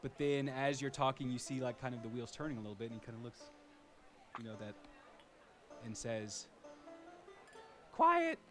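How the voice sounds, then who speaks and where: A male game master narrates a tabletop fantasy scene in an easygoing, rambling voice of middling pitch, full of fillers. Soft music plays faintly behind him. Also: flat delivery, a little fast, long pauses.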